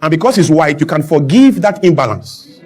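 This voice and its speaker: Emphatic high-voiced Nigerian man. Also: expressive, normal speed, a little mellow. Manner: emphatic, rhetorical, mimics broken English with laughs. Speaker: guest speaker. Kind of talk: impassioned talk-show speech. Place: television studio with a clapping audience.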